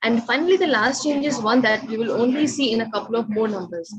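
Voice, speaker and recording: A woman teaching a language lesson, her voice a little high. She keeps checking on the students and pressing them to raise their hands, and the noise of a crowd is plain behind her. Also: expressive, fast talker, rough recording. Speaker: Spanish teacher. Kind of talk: online class lecture. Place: classroom or online class session.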